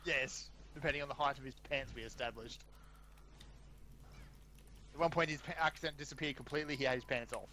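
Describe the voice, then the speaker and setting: A man's voice: mid-range voice, brisk, long pauses, bright, forceful tone, slight background noise. A man in a casual gaming voice chat, tossing in wry jokes over a headset. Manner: wry, joking asides. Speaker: gamer on voice chat.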